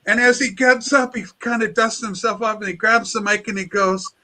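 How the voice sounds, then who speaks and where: Bright high-voiced man telling stories. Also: moderate pace, low-quality recording. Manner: lively anecdotes, acts out quotes. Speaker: show host. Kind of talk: casual chat, animated storytelling.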